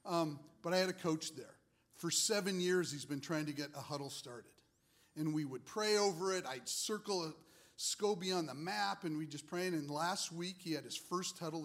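A man's voice: fairly high pitch, a bit bright. A man, a ministry leader, sharing his testimony with a congregation in a casual, rambling way with many fillers.

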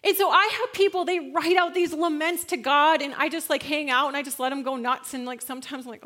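Woman in her 30s giving a chatty church talk, high voice, laughs a lot, goes quiet then loud. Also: brisk. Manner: chatty, slangy, laughs often, jumps between hushed and loud. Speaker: speaker at a church gathering. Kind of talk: casual sermon talk.

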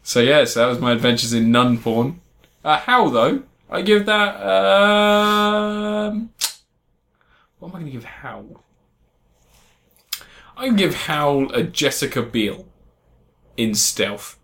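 A man's voice: a little high, takes it slowly, vocal fry, long pauses, a bit bright. A man in casual podcast chat, rambling and joking, swearing now and then. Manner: rambling, jokey, laughs often, swears. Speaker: podcast co-host.

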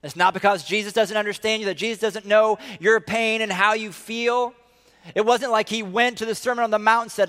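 A middle-aged man preaching a sermon as a pastor, telling stories with animation and dropping to a soft hush to drive points home. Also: sits high, moderate pace. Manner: animated storytelling, drops to a soft hush for emphasis.

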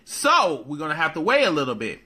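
A man's voice: on the high side, wildly swooping pitch, fairly quick, bright, forceful tone, breathy edge. A man hosting a live show, chatting loosely with viewers, greeting them by name and swearing casually. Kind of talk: casual live-stream chat.

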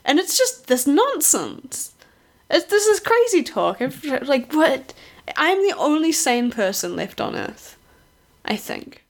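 A woman co-hosting a casual podcast chat, animated and incredulous, acting out quotes as she retells a story. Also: sits high, takes it slowly. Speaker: podcast co-host.

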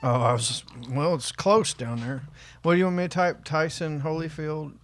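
A man's voice: fairly high pitch, moderate pace. A man co-hosting a casual podcast chat, rambling and swearing freely. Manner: profane, rambling, laughs often. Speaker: podcast co-host.

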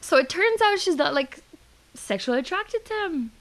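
A young woman with a slightly high voice tells a gossipy story in casual podcast chat. She sounds animated and unfiltered, with filler words everywhere and easy swearing. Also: normal speed. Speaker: podcast co-host.

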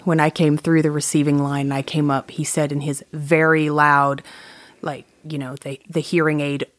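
A woman's voice: sits low, little pitch movement, moderate pace, no echo. A woman guest telling personal stories in casual conversation. She laughs often and restarts her sentences. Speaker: podcast guest. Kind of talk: casual storytelling.

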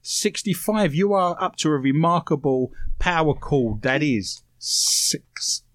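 Lively, playful male radio host. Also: a little high, slow, no room sound, clean studio sound. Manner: playful, teasing, full of innuendo. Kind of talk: comedic radio chat.

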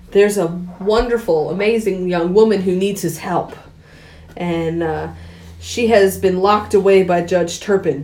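Woman podcast co-host, animated film recap, mid pitch, echoey room. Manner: animated retelling, voicing characters' lines, laughing often. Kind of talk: casual chat recapping a film. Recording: roomy sounding room.

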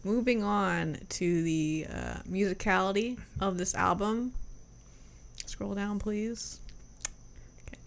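Gravelly-voiced woman, casual music reviewer. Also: medium pitch, slow, long pauses. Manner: laid-back, hedging, laughs often.

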